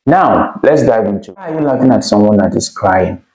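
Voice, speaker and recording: Nigerian man teaching Igbo, gravelly. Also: lowish voice, lively intonation, darkish tone. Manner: slow, deliberate repetition of phrases. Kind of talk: casual language lesson. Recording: echoey room.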